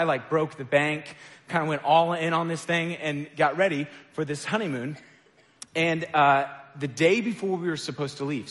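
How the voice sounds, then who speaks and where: In an echoey hall with long reverb, a man with a higher, slightly bright voice delivers a relaxed sermon. He talks conversationally, telling stories about himself with a gentle self-deprecating touch and plenty of filler words.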